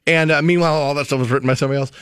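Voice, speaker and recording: A man co-hosting a morning radio show, chatting casually, teasing and telling animated stories. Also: a little high, rapid-fire, smooth, no room sound, studio quality.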